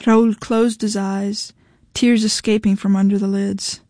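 A woman's voice: medium pitch, little pitch movement, a little slow, warm tone, no echo. Woman narrating a story, dry sound. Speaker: audiobook narrator. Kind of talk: scripted narration.

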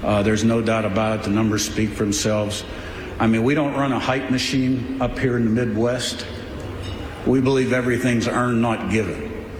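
A man's voice: mid-range voice, little pitch movement, moderate pace. A man, a college football coach, speaking bluntly and boastfully at a media event. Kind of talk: press conference remarks. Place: media day event hall. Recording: echoey hall with noise.

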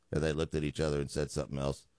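A man's voice: a bass voice, vocal fry, dark tone, no echo. A man in his fifties, a radio talk show host, telling a joking story in a studio.

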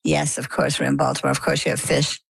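A middle-aged woman from Maine, an interview guest telling her story in a lively way and acting out the dialogue. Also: sits low, quick pace, vocal fry, slightly rough, dry recording, poor audio. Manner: animated storyteller, acts out quoted dialogue.

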